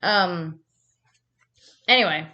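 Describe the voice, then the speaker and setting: A woman's voice: fairly low pitch, extremely slow, highs cut off. Casting: casual woman vlogger, rambling and profane, talking to camera at home. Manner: rambling, profane storytelling with frequent likes.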